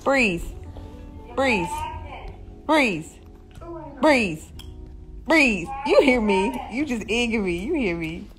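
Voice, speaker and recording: A woman's voice: a little high, animated, very slow, pauses often. A woman filming her children at home, coaxing and teasing them in a playful, casual way. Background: music.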